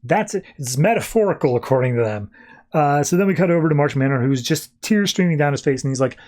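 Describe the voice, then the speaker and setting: A man hosts a casual podcast, retelling a comic book plot. His delivery is loose and chatty, full of fillers, and he tosses off quick voices for the characters as he goes. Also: on the high side, expressive, darkish tone. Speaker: podcast host.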